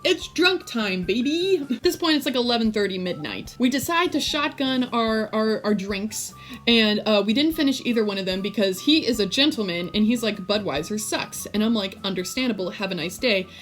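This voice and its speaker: A young American woman telling a casual storytime vlog, jokey and animated, acting out her friends in quotes. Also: on the high side, moderate pace, faint music behind. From United States. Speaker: vlogger.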